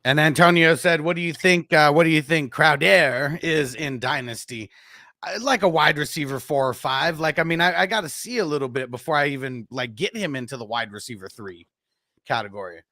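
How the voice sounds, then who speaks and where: A man's voice: on the high side, brisk, sharp tone. A man co-hosting a live fantasy football show, reading out player stats and viewer comments in a casual way. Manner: reads out stats and chat comments, laughs easily. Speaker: fantasy football podcast co-host. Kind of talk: casual live-stream sports chat.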